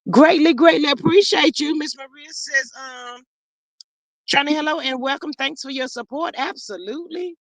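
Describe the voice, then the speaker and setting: Here a livestream host with a high voice reads viewer comments aloud, keeping a moderate pace and firing back sassy, lively reactions. Calling people "child" and "honey," she comes through with no room sound in this casual stream.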